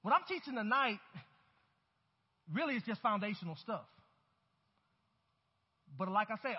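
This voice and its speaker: High-voiced male pastor preaching. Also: breathy edge, long reverb tail. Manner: preaching with emphatic rises and calls to the congregation. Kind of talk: sermon. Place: church sanctuary. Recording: dull, hollow-sounding church recording.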